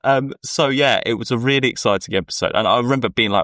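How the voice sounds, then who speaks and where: A man's voice: on the low side, quick pace, few pauses, fairly bright tone, no room sound, clean studio sound. A man co-hosting a podcast, chatting casually and rambling through anecdotes while acting out the people he quotes. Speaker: podcast co-host. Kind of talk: casual chat.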